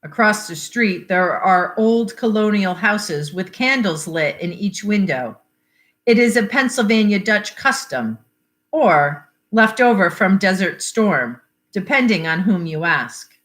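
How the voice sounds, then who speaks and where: A woman reading a literary short story aloud in a measured, expressive way. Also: mid-range voice. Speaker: library reader.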